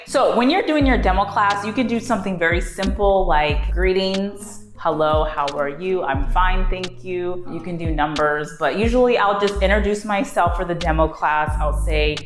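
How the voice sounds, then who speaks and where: A woman, an online English teacher, giving animated, upbeat tips on teaching kids. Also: lowish voice. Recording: roomy echo with faint music.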